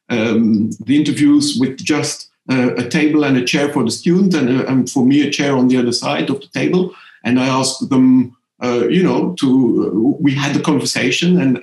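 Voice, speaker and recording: A middle-aged man with a French accent, thoughtfully answering interview questions with frequent pauses and restarts. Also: mid-range voice, a little mellow. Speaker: interviewee, language professor. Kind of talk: conversational interview. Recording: roomy echo.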